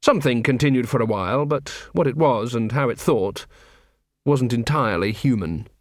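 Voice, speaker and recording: A man reading an audiobook in a wry, expressive storytelling manner, recorded in a studio. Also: medium pitch, moderate pace, no room sound. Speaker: audiobook narrator.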